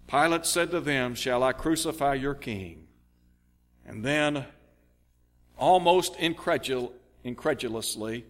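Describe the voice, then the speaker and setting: A man's voice: mid-range voice, fairly bright tone, long reverb tail. A man preaching a radio sermon, reading scripture aloud and explaining it earnestly.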